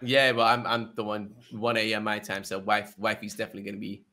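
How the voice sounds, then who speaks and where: Aussie guy hosting a loose jokey chat, bright forward voice. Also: lowish voice, little pitch movement, fast. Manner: laughing, loose and joking. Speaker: channel host. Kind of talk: casual video-call chat.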